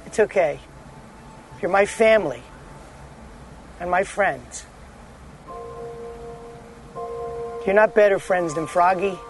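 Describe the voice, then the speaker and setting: An actor playing a lonely, fast-talking middle-aged man in a film scene, hesitant and confiding as he tells a rambling story. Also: high-pitched, a little hiss or hum, low-quality recording. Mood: reassuring. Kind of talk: film dialogue.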